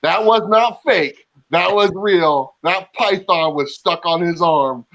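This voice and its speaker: A man's voice: high-pitched, slow, fairly bright tone, low-quality recording. Earnest man in casual chat.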